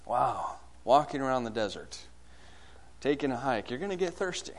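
A man preaching a sermon, asking the congregation questions and swinging between loud bursts and hushed lines. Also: medium pitch, big pitch swings, moderate pace.

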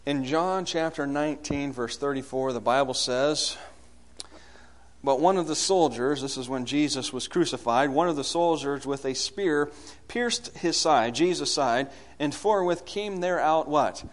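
A man preaching a sermon, asking the congregation questions and swinging between loud bursts and hushed lines. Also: fairly high pitch, a little slow.

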